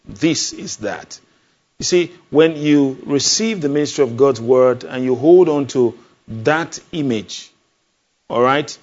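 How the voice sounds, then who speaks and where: A man's voice: mid-range voice, unhurried, a little mellow. A male preacher, delivering a sermon emphatically, asking the congregation questions and repeating key phrases. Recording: dull lo-fi sound.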